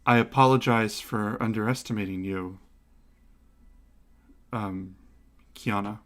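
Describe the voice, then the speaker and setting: A man voicing a poised, formal female leader in a tabletop game, speaking softly and slowly. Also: on the low side, steady tone. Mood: measured.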